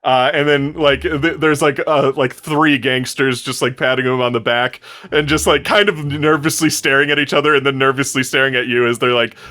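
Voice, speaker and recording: A man's voice: mid-range voice, fairly even intonation, normal speed, sharp tone. A young man narrating as game master of a tabletop game, loose and rambling with lots of fillers.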